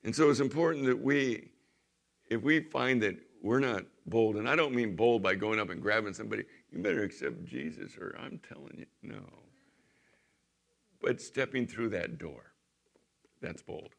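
A man's voice: medium pitch, measured pace, gravelly, long pauses. A man preaching a sermon as pastor, reading scripture aloud with rising emphasis and then talking it over in a plain, chatty way.

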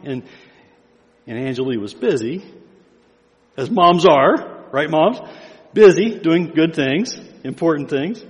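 An older male pastor preaches with a fairly high voice, pushing pitch and volume up on his key lines. His words ring with a long hall reverb from the church sanctuary around him. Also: animated, slow pace, long pauses. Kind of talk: sermon.

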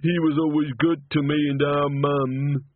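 Guy putting on a slow childlike grown man, higher voice, husky. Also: little pitch movement, dry recording. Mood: plaintive. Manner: slow, plaintive, childlike speech. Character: simple-minded grown man, slow and tearful. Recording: tinny phone-like sound.

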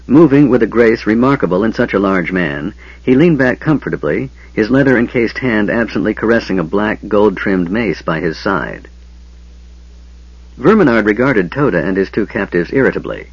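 A man narrating a fantasy novel as an audiobook reader, with expressive, varied delivery. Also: fairly low pitch, husky, no echo. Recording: dull lo-fi audio, dry.

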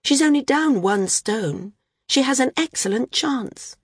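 A woman's voice: sits high, animated, a little slow, husky, no echo, clean studio sound, voice pushed up, heavily acted. A woman voicing an earnest female flyer who pleads for fairness. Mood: urging.

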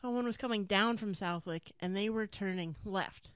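A woman chatting casually, telling an animated, swear-filled story about her driving. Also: mid-range voice, moderate pace, clean tone, no echo. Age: adult parent. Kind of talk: casual chat.

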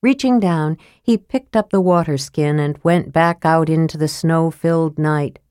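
A woman with a low voice reads an audiobook at a steady pace. The recording is dry and close-miked. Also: measured pace, clean tone, no echo. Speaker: narrator. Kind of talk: audiobook narration.

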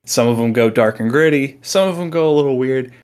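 A man's voice: medium pitch, brisk, a little mellow, smooth. A man chatting casually on a podcast panel, rambling and repeating words as he searches for his point. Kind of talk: casual chat.

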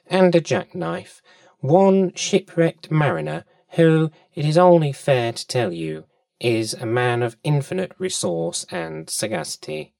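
A man voicing a small, crafty male fish in a storybook reading, speaking in a small soft voice with formal, wheedling courtesy. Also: fairly high pitch, expressive, unhurried, vocal fry, no echo, studio quality, far from the mic. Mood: sly, coaxing.

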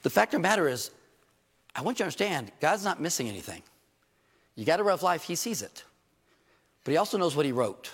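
A man preaching a sermon in a church, animated and joking, with rhetorical questions to his congregation. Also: a little high, fairly quick, pauses often, slightly rough. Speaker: pastor. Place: church hall. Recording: reverberant church hall.

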